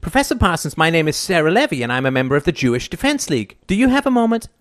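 A man's voice: on the high side, sing-song, racing, dry recording, clean studio sound, pitched above the performer's own voice. A man voicing an enthusiastic female caller in an audiobook. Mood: eager.

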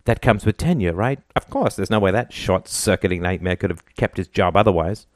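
A man's voice: sits low, animated, brisk, no echo, studio quality. Man reading an anxious, self-doubting professor. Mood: fretful. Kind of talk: audiobook character reading.

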